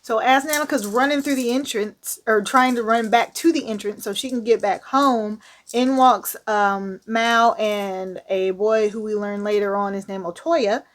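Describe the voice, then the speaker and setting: A woman's voice: on the high side, fairly even intonation, measured pace. A woman reviewing a manga, retelling the plot in a casual, slangy style with candid asides.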